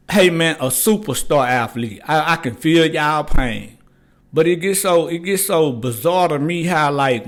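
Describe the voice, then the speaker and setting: An older man hosts a casual sports talk show from his garage. His voice sits a little high, and he talks loose and rambling in street slang, dropping "man" into almost every line. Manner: loose, rambling, slangy, repeats "man" and "you know what I'm saying". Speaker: podcast host.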